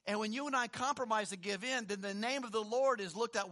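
Male pastor, conversational sermon, rhetorical questions, high bright voice. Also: brisk. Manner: reads scripture aloud, swings between emphatic and hushed.

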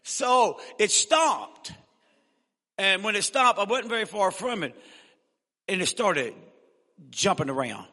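A male evangelist telling a humorous story in a sermon, folksy and animated. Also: high voice, takes it slowly, pauses often. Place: church. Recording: echoey church hall.

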